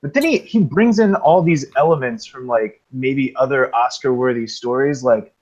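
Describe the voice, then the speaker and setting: A man chatting on a podcast, animated and jokey. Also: mid-range voice, moderate pace. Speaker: podcast co-host. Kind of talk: casual chat. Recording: dull lo-fi sound.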